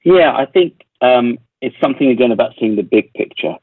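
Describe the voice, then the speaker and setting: A man from England with a London accent, a worship leader speaking in a radio interview, reflective and pausing with ums and repeated words. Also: mid-range voice, animated, slightly rough, no room sound, phone-quality sound. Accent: London English. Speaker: worship leader and recording artist.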